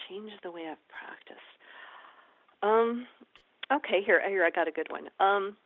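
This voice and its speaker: A woman, an experienced ER nurse and educator, telling stories in a lively conversational interview and acting out the dialogue. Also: medium pitch, slow, no echo. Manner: lively, animated storyteller acting out quoted dialogue. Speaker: ER nurse and educator, podcast guest. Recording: tinny phone-like line, dry.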